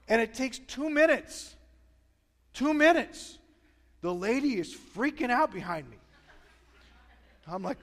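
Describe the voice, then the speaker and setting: A middle-aged Midwestern pastor with a fairly high voice preaches in a loose, joking storytelling style. His voice rings out with a long reverb in a large church hall. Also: sing-song, measured pace, pauses often. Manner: storytelling, chatty, self-deprecating humor. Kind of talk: sermon.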